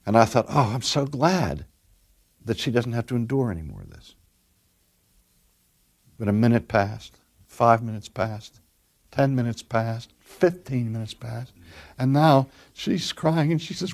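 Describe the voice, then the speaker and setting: A man's voice: mid-range voice, animated, moderate pace, pauses often, darkish tone. An older man, a pastor delivering a sermon and telling stories earnestly, stretching out key words for emphasis.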